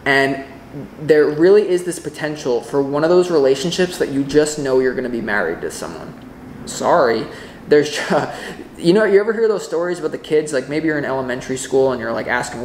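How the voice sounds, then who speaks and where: A man giving a casual tarot reading to camera, excitable and rambling, often breaking off mid-thought. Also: fairly high pitch, normal speed, echoey room, slight background noise. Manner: rambling, excitable, self-interrupting. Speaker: tarot reader.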